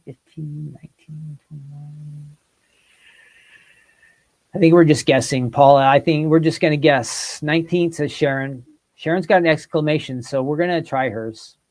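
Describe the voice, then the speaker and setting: A man hosting a casual quiz on a livestream, reading out viewers' guesses and chatting with them. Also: fairly high pitch. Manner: animated, reads out viewer comments and guesses. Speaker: host. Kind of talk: casual quiz with live chat.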